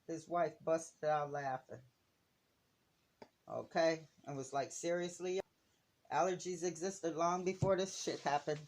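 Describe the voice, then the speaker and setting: Woman from Detroit, relaxed slow delivery, casual storyteller for a home craft vlog. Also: deep voice. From Detroit, USA. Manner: slow, chatty storytelling with Southern-style slang. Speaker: vlogger. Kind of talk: casual chatty craft video.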